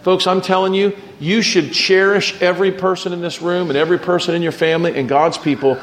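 A high-voiced pastor speaks briskly and in a steady tone, delivering a chatty sermon with slight background noise. He asks his church questions, imitates the people he quotes, and repeats words when starting sentences.

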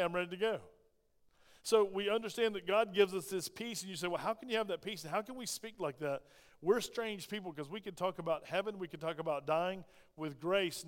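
A man pastor preaching a sermon, animated and humorous, full of quick asides and rhetorical questions to his congregation. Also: high-pitched, clean tone, big-room sound. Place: church sanctuary.

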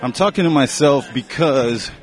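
A man's voice: mid-range voice, expressive, normal speed, soft background music. A man podcasting at an outdoor beer festival, chatting loosely and cursing, a little out of breath. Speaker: podcast host. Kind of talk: casual chat at a beer festival. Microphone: handheld mic.

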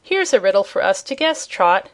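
A woman's voice: mid-range voice, sing-song, normal speed. A woman voicing a jolly, kindly old male sailor who talks in a rustic dialect with dropped letters, read as an audiobook character. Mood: musing.

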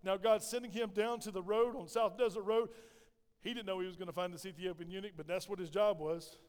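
A high-pitched male pastor preaches in a sanctuary with a long, ringing reverb. He keeps it folksy and conversational, tossing questions at the congregation and answering them himself. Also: fairly quick, smooth. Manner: lively preaching with call-and-response questions. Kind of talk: sermon.

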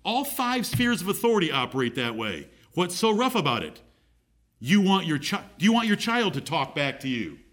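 Middle-aged male pastor, emphatic sermon delivery, somewhat high voice with lively swings in pitch. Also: normal speed. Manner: emphatic, repeats key phrases, reads scripture aloud. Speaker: preacher.

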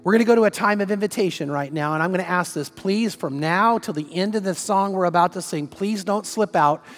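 High-voiced man preaching a sermon. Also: brisk, a bit bright, in a large hall, soft background music. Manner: storytelling, conversational, with repeated rhetorical questions. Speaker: pastor.

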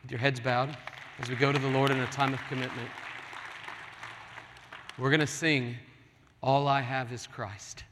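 A man's voice: medium pitch, flat delivery, normal speed, pauses often, fairly bright tone, a faint crowd, a little hiss or hum. A man preaching a sermon as pastor, earnest and pleading with his congregation in a large church. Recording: long hall reverb.

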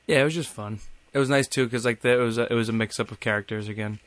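A man's voice: medium pitch, steady tone, racing, a bit bright, dry recording. A young man co-hosting a podcast, bantering casually and joking with laughs. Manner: jokey, laughing, puts on mock accents. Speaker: podcast co-host.

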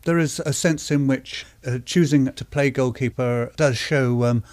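A man from Britain presenting a reflective radio essay, musing aloud and pausing often with fillers. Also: mid-range voice, a little mellow. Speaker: presenter and writer.

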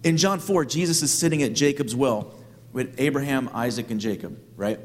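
A man's voice: medium pitch, normal speed, big-room sound. A man preaching a sermon as a pastor, telling stories in a conversational way with humorous asides.

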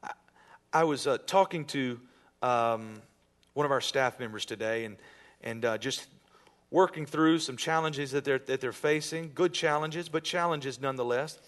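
A man's voice: medium pitch, moderate pace, a bit bright. A male pastor preaching a sermon in a conversational way, with jokes and acted-out asides to the congregation. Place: church sanctuary with congregation.

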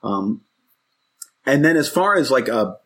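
A husky-voiced man in his forties chats casually as a podcast co-host. He rambles and reflects, often stopping mid-thought to start a sentence over. His pitch sits in an ordinary middle range. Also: sing-song, a little slow, a bit bright. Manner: rambling, reflective, self-interrupting. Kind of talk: casual chat.

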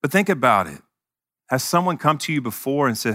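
A man's voice: mid-range voice, very animated, fairly quick, bright, forceful tone, dry recording, clean studio sound. Earnest man preaching a casual sermon. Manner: earnest, conversational, self-deprecating humor. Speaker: pastor.

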